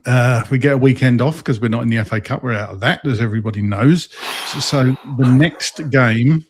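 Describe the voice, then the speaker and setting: Male host, casual chat, halting recap delivery, middle-range voice. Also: mid-range voice, breathy edge. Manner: recaps the match with frequent ums and stumbles. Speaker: podcast host.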